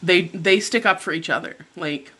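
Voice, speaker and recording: Bright-voiced middle-aged woman telling a story. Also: on the low side, normal speed, a little hiss or hum. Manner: animated retelling, acting out her own quoted lines. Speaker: mukbang vlogger. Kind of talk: storytime chat over breakfast.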